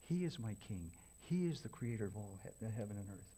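A man preaching a folksy sermon, swinging from loud emphatic questions to hushed, near-whispered lines. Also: fairly low pitch, lively intonation, a little fast, hardly any pauses, husky. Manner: folksy, repetitive, addresses congregation as folks.

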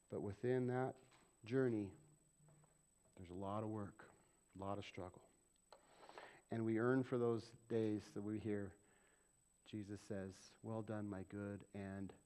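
A man preaching a sermon as pastor of a church, asking the congregation questions and acting out quoted voices. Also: fairly low pitch. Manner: animated, asks the congregation questions and acts out quick quoted voices.

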